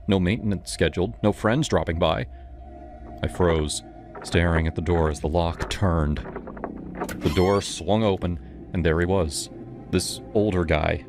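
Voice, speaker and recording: A man reading a scripted first-person horror story in a dramatic, tense way. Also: deep voice.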